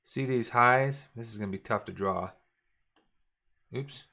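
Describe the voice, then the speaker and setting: Middle-aged male trading instructor, easygoing, repeats key points, mid pitch. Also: a little slow, vocal fry, sharp tone. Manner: casual, repetitive, talks while drawing charts. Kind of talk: screen-share trading lesson.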